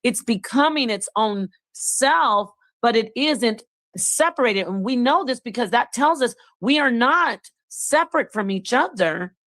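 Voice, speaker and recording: A woman hosting a livestream, musing in a reflective, expressive way about consciousness and spirit. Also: fairly high pitch, unhurried, no echo. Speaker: live stream host. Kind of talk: casual livestream chat.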